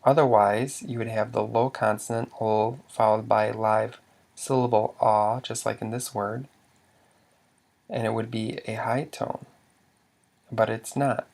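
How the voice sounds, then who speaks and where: A man's voice: on the low side, flat delivery, moderate pace, creaky, darkish tone. A man narrating a slide lesson as a language teacher. He asks questions, answers them himself, and often stops to restart a word.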